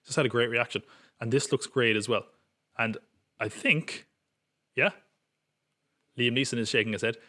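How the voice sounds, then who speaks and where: Male podcast host, mid pitch, casual and self-mocking. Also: normal speed, long pauses, pushed and bright. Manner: wry, self-mocking, joking. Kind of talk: casual film preview chat.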